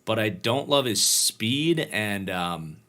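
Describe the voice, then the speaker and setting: A man's voice: fairly low pitch, animated, slow, fairly bright tone. A tired man hosting a livestream, casually breaking down football game film and thinking aloud with frequent restarts. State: tired, yawning. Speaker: host and football draft analyst.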